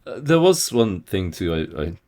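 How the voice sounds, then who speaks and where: A man's voice: sits low, normal speed. A man co-hosting a book podcast, telling stories with laughter and playful mimicry. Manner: animated storyteller, laughs, mimics voices. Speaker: podcast co-host. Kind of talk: casual chat about books.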